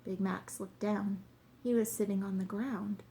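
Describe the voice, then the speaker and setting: A woman narrating a children's story, reading aloud in a plain, measured way. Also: medium pitch, steady tone, mellow, a little hiss or hum.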